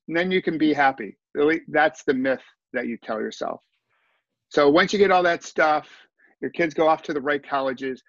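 A man's voice: mid-range voice, fairly bright tone, dry recording, muffled recording. A man talking earnestly as a podcast guest, telling his story with asides and restarts. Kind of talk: conversational storytelling.

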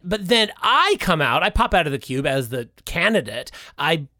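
A man's voice: a little high, very animated, moderate pace, sharp tone, no echo, clean studio sound. A man improvising a comedy bit as an indignant mayoral candidate.

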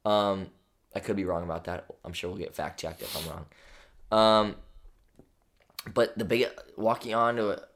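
Easygoing young man, low voice. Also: moderate pace, pauses often, a bit bright. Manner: easygoing, filler-heavy talk. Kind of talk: casual chat.

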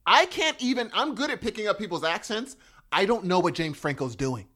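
Man, high voice, very lively pitch, animated casual podcast chat. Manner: animated, enthusiastic, quick bursts and restarts. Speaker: podcast co-host.

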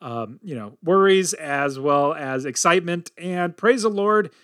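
High-voiced energetic man hosting a podcast. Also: measured pace, clear, resonant tone, dry recording, studio quality. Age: middle-aged. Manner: energetic and upbeat, tells stories animatedly. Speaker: podcast host. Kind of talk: casual podcast storytelling.

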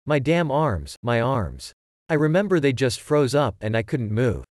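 A man's voice: mid-range voice, big pitch swings, measured pace, a little mellow, no room sound, clean studio sound. A man voicing a terrified young man who pleads that he needs a doctor. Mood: distraught. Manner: distraught, pleading, panicky.

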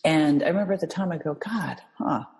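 A woman's voice: deep voice, fairly quick, long reverb tail, low-quality recording. A mother telling an emotional story in conversation, acting out the voices of the people in it and laughing often. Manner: animated, acts out quoted voices, laughs often. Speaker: guest, mother.

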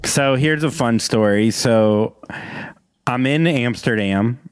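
A man's voice: mid-range voice, slow, clean tone, no echo. Rambling storyteller man, dry studio sound. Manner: rambling, animated anecdote with acted-out quotes. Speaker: podcast guest. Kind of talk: casual storytelling.

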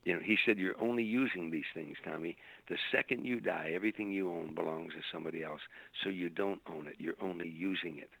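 A man's voice: sits low, a little fast, creaky, few pauses, breathy edge, narrow, tinny audio. An older man, a stand-up comedian, telling long anecdotes in an interview, repeating words as he searches for them. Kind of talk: storytelling interview.

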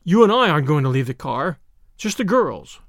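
A man voicing a practical young man who gives brisk, matter-of-fact orders. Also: on the high side, sing-song, vocal fry, fairly bright tone, no echo, clean studio sound, heavily acted.

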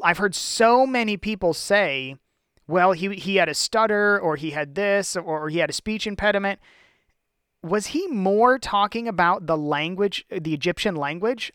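A man's voice: high voice, a bit bright, clear, resonant tone, no room sound, clean studio sound. A man co-hosting a casual Bible discussion, musing and asking questions aloud with many restarts. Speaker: co-host.

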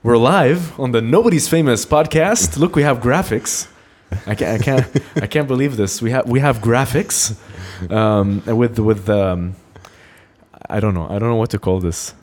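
Male podcast host, easygoing, laughs a lot, halting restarts. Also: mid-range voice, darkish tone. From Lebanon. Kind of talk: casual podcast interview.

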